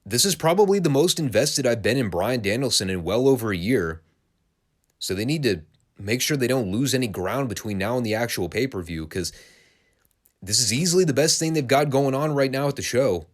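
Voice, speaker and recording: A man's voice: medium pitch, expressive, a little fast. A man giving a blunt, opinionated solo review of a wrestling show, swearing casually as he talks.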